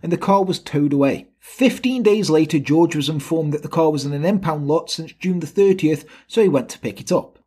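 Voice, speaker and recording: Man, podcast host, irreverent storyteller, husky, slightly high-pitched. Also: darkish tone. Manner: irreverent, jokey storytelling with put-on quotes. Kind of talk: casual true-crime podcast chat.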